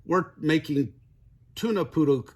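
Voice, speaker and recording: Grandpa doing a giggly little kitten sister. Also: male voice, on the high side, lively intonation, unhurried, breathy edge, pitched above the performer's own voice. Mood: silly. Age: older. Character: giggly silly young girl kitten.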